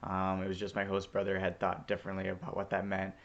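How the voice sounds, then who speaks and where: Laid-back guy telling a story on his vlog, lowish voice, lots of ums, kinda muffled audio. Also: completely flat delivery, fast, fairly bright tone. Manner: easygoing, chatty, many fillers. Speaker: returned Peace Corps volunteer.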